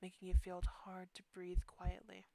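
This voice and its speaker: Low, flat-voiced woman reading horror text. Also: vocal fry, very noisy. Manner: drops to a hushed near-whisper for tense passages; slow, deliberate reading with breaks into quick asides. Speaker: streamer.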